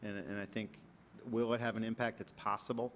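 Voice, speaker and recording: A man speaks quickly in a low, flat voice, answering a planning board on behalf of his business. He reassures with frequent fillers, over faint room noise. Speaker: business representative. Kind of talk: presenting at public meeting.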